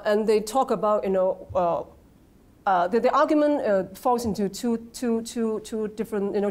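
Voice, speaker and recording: A woman with a Hong Kong accent giving an academic lecture, halting with many fillers and restarts, often checking with the audience. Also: mid-range voice, a little mellow. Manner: conversational, asks the audience "right?". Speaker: guest lecturer. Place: lecture hall.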